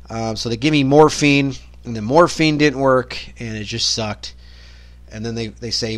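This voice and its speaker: A man's voice: medium pitch, moderate pace, no echo. A man hosting his own podcast, ranting in a rambling solo monologue full of swearing and exasperation. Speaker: podcast host.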